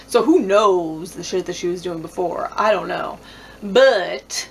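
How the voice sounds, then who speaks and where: A woman's voice: mid-range voice, steady tone, measured pace, a little hiss or hum. A woman recapping a reality show in a casual vlog, talking bluntly with lots of swearing and "like", and laughing often. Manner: blunt, profane, heavy use of "like".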